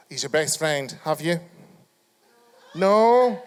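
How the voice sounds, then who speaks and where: A Scottish man with a high-pitched voice works a live crowd as a chat show host. His talk is camp and foul-mouthed, and he keeps needling audience members with sharp teasing. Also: normal speed. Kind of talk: live stand-up crowd work. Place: live comedy venue.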